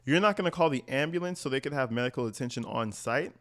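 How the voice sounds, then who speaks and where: A man hosting a commentary channel, reacting to an interview in a blunt, profane, animated rant. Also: mid-range voice, quick pace, hardly any pauses, clear, resonant tone.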